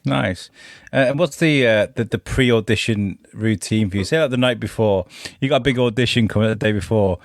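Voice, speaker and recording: A man's voice: fairly low pitch, fairly quick, no echo. Chatty male host, dry close sound. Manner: chatty, rambling, with many fillers. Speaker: podcast host. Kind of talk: casual interview questions.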